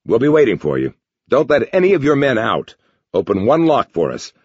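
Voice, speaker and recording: A man voicing a brisk male army major giving firm, clipped instructions in a dull lo-fi recording. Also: mid-range voice, huge pitch swings, darkish tone, husky, no echo, pitched above the performer's own voice. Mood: urgent.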